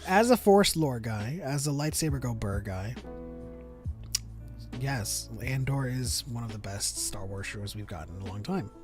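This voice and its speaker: A man's voice: mid-range voice, animated, measured pace, over music. A man hosting a casual live podcast chat, rambling with lots of fillers. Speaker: podcast host.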